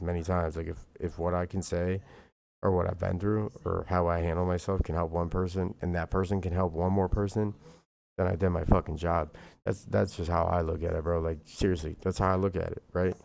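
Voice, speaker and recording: Low gravelly-voiced man ranting. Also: little pitch movement, a little fast, darkish tone. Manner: rambling, profane and heated, full of fillers like "bro" and "like". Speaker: streamer. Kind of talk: livestream monologue.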